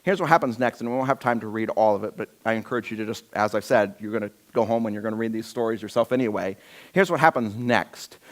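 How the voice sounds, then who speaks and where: A man's voice: fairly low pitch, fast talker. A male pastor preaching a sermon, telling a Bible story with humor and acting out the scenes.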